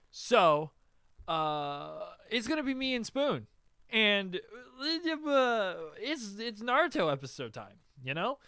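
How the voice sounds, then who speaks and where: A man hosts a casual podcast chat, swearing freely and getting worked up. His pitch swings widely as he rants, and the sound is dry and close. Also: clean tone, dry recording. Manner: excitable, profane, animated. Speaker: podcast host.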